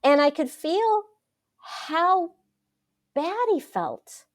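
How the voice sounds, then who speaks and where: A middle-aged woman, a wealth coach, telling stories in a casual interview with dramatic, expressive delivery. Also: very high voice, very slow. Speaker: wealth coach, podcast guest.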